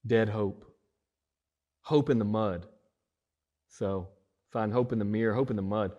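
A man preaching a sermon as pastor, with emphatic rises and drawn-out stressed words. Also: fairly low pitch, fairly even intonation, mellow, highs cut off.

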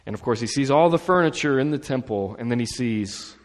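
A man preaching a sermon as pastor, talking in a casual, lively way with asides and humor. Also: mid-range voice, brisk, long reverb tail.

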